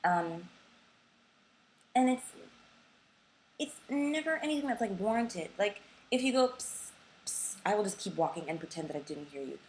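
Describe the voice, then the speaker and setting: A woman's voice: medium pitch, animated, moderate pace, pauses often, a little mellow, a little hiss or hum, low-quality recording. Blunt ranting young woman with a sore throat. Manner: frustrated, blunt, swears freely. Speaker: vlogger. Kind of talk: casual vlog rant.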